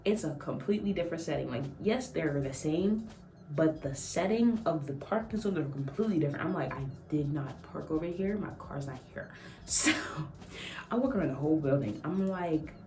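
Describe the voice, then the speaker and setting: A woman's voice: deep voice, a little mellow, slight background noise. A young woman vlogger telling a casual story, acting out quotes and laughing often. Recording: echoey room, mic at a distance.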